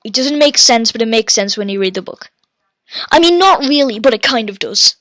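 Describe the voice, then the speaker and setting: Woman, podcast host, slightly high voice, dry close sound, rambling casual reader who corrects her own slips. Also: expressive, fairly quick, a bit bright, dry recording. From Ireland. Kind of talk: casual book review with reading aloud.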